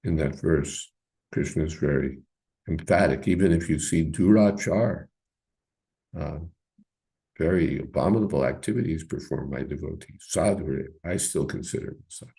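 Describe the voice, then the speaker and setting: A man giving an informal, halting commentary on scripture to a class, with many pauses and fillers. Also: rumbling low, gravelly, mellow, slightly rough. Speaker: teacher leading a scripture class.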